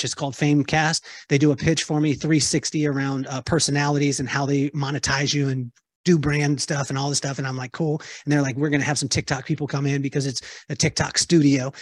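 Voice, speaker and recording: A man telling a lively story to an audience, acting out the voices of the people in it. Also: fairly high pitch, dry recording. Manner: lively, acts out quoted voices. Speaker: keynote speaker answering audience. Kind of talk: animated storytelling talk.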